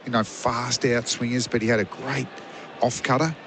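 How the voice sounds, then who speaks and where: A middle-aged man, a former fast bowler as expert radio commentator, telling rambling anecdotes. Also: mid-range voice, little pitch movement, noisy background. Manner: chatty, rambling anecdotes with fillers.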